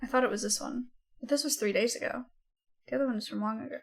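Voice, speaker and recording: Chatty woman streamer with a fairly high voice. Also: fast talker, gravelly. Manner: chatty, reacting aloud to comments and clips. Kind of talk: casual chat with live viewers.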